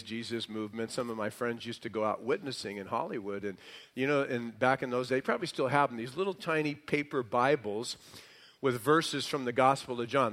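A male pastor preaching a sermon slowly and emphatically, sometimes dropping into a quieter, conversational aside. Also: medium pitch.

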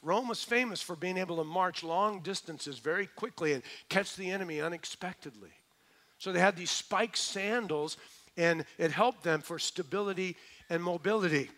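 A middle-aged male pastor preaching a sermon, building to emphatic points and then dropping soft and low. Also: moderate pace.

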